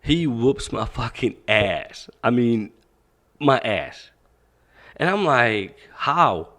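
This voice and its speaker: A man's voice: mid-range voice, slow pace. A young man, a boxing coach, telling his life story in a podcast interview, swearing freely and acting out quoted exchanges. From Pakistan. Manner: profane, animated, acts out quoted dialogue.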